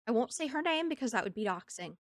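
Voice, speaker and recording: A woman streamer in casual chat from home, animated and laughing often between thoughts. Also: fairly high pitch, fast talker, dry recording, studio quality. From United States.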